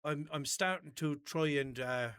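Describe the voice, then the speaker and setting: A man's voice: a little high, unhurried, a bit bright, clear, resonant tone, no room sound, studio quality. Man telling rambling stories. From Ireland. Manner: rambling storytelling, acts out both sides of arguments. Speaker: podcast host. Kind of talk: casual chat. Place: indoor room.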